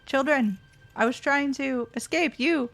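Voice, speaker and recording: A woman's voice: sits high, a little slow, a bit bright. Woman doing a solemn old goblin man. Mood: grave. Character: weary old male goblin, earnest protector.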